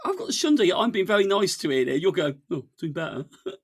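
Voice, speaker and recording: A man playing a podcast quiz, giggling and gently mocking his friends. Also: high voice, big pitch swings, fast talker, breathy edge, dry recording, studio quality. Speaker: podcast co-host, quiz player. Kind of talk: casual quiz banter.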